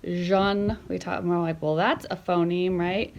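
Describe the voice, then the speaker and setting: A woman's voice: lowish voice, steady tone, a little slow, creaky, a little mellow, muffled recording. A woman homeschool teacher explaining a lesson at home in a casual, chatty way, often checking in with the listener.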